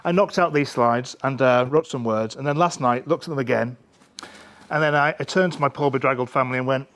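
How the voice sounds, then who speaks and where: A man's voice: medium pitch, fairly quick, a bit bright. A man with a Northern English accent giving a rambling, self-deprecating lightning talk full of fillers and restarts. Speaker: conference speaker.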